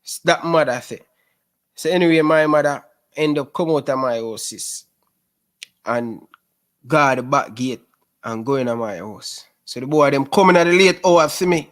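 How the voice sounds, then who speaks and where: A man in his twenties with a Jamaican Patois accent, a guest telling lively stories in a casual interview. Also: a little high, moderate pace. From Rema, Jamaica. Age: 20s. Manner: lively storyteller who keeps calling the host "sis".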